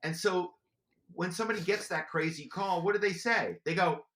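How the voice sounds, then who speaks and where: A man with a bright, forceful tone tells stories as a podcast guest. His delivery is lively and chatty, full of "you know"s. The room adds a noticeable echo. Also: high-pitched, normal speed. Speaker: podcast guest, former corporate spy. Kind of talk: animated storytelling.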